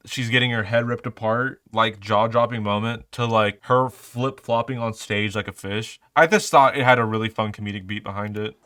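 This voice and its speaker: A man's voice: medium pitch, fairly quick, bright, forceful tone, no echo. A young man in his twenties reviewing movies in casual, rambling chat, full of fillers and swearing. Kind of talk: casual vlog commentary.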